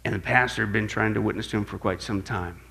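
Bright-voiced animated male preacher. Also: fast, vocal fry. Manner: animated, shifts between loud quoted outbursts and low hushed storytelling. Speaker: pastor teaching apologetics. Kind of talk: sermon-style teaching.

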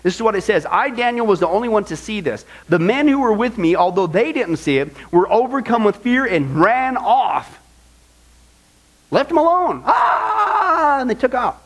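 A man delivers an animated sermon as pastor and acts out the whining voices of the people he quotes. His voice sits high for a man, and he keeps asking his listeners pointed rhetorical questions. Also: normal speed, poor audio.

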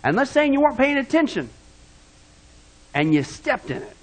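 High-voiced emphatic male preacher. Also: sing-song, normal speed, rough recording. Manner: swings from loud emphatic preaching to low hushed asides. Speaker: pastor. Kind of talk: sermon.

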